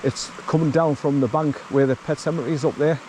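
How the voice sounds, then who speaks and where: A man with a slightly high voice gives a blunt walking commentary outdoors on an overgrown path. He sounds worn out from pushing through the undergrowth, swears freely and keeps urging his dog on. A faint outdoor hiss sits behind him. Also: fairly even intonation, fast talker, warm tone, rough recording. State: tired from wading through bracken. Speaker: vlogger.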